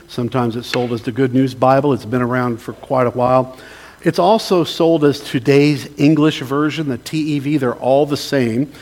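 Gentle male pastor leading a reflection. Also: mid-range voice. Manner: gentle, pausing, invites the congregation to respond. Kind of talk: sermon with scripture reading and prayer.

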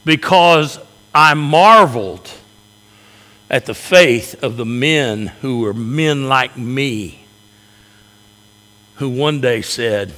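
A man's voice: mid-range voice, takes it slowly, pushed and bright. A male pastor preaching a sermon in a church with folksy humor. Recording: echoey hall reverb.

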